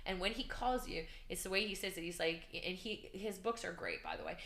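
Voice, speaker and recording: Woman guest, candid storytelling, forceful bright tone, lowish voice, roomy echo. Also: fairly quick. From Canada. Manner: animated, acts out shouts and inner voices; emotional, earnest. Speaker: podcast guest, business coach.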